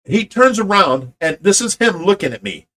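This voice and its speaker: A man's voice: high voice, very animated, moderate pace, fairly bright tone. A middle-aged man from Ohio hosting a fish rescue channel, rambling through a story and acting out both sides of an argument. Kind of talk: casual storytelling to viewers.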